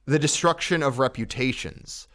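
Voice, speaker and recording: A man's voice: mid-range voice, normal speed, fairly bright tone. A man co-hosting a podcast who talks in lecturing, declarative pronouncements during casual chat.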